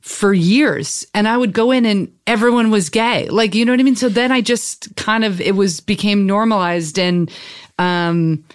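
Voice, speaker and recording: A woman talking as a guest, telling a personal story in a chatty, animated way, with lots of "like" and "you know". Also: medium pitch, moderate pace, clear, resonant tone. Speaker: podcast guest.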